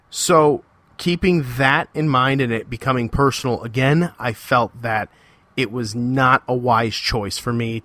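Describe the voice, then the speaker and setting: A man talks alone on his podcast in a heated, confrontational way, hammering his points home by saying them again. His voice is bright and forceful at a middle pitch. The sound is dry and close. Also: no room sound. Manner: repetitive, emphatic phrasing. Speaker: podcast host. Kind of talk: solo podcast monologue.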